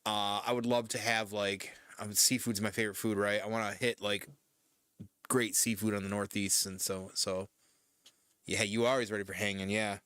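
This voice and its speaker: A man's voice: on the low side, little pitch movement, normal speed, fairly bright tone, clear, resonant tone, no echo, studio quality. A man from Michigan streaming casual chat while painting, rambling loosely and swearing now and then. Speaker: streamer host.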